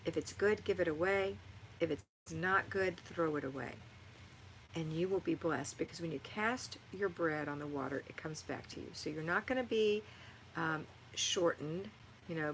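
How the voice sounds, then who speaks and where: A middle-aged woman with a lowish voice hosts a live stream. She reads viewer comments aloud and answers them with warm, motherly encouragement. Faint noise hums underneath. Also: moderate pace, gravelly, low-quality recording. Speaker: livestream host answering viewer chat. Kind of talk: live-stream chat and home advice.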